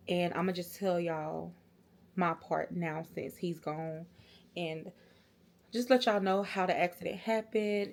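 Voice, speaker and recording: Woman, young adult, fairly low voice, casual vlog storytelling, shaky and emotional. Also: vocal fry, a little mellow. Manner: emotional, fighting back tears, nervous laughs. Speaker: vlogger.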